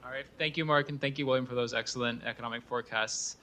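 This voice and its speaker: Fast-talking male moderator, bright crisp voice, formal introductions at a conference. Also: mid-range voice, fairly even intonation, a little hiss or hum. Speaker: event moderator. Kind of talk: introducing speakers. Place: conference venue.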